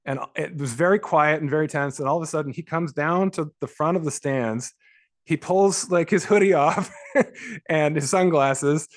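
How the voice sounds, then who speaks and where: A man in his forties from Los Angeles, a book author, telling childhood stories as a guest in an interview, animated and often laughing, with frequent restarts. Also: a little high, normal speed. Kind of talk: conversational storytelling.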